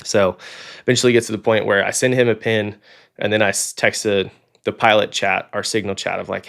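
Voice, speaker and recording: Speaking a little fast in a very low, gravelly voice, a young fighter pilot from Oklahoma recounts his story as a guest on a casual podcast interview. He animatedly performs the voices of people he quotes, and "like" and "um" turn up constantly.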